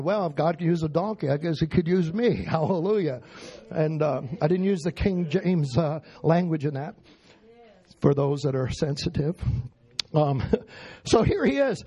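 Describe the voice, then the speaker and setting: A man's voice: fairly high pitch, warm tone, breathy edge. A man preaching a sermon in an emphatic way, firing questions at his congregation.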